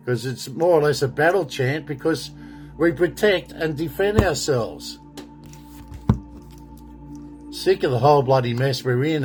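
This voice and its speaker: A middle-aged Australian man ranting indignantly in a rambling monologue, with frequent swearing. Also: a little high. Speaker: political commentator. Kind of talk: monologue to camera.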